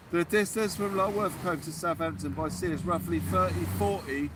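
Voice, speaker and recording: A man's voice: fairly high pitch, steady tone, a little slow, background noise. A man hosting a live fishing stream outdoors at night, chatting and answering viewer comments. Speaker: fishing channel host. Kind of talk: casual live-stream chat.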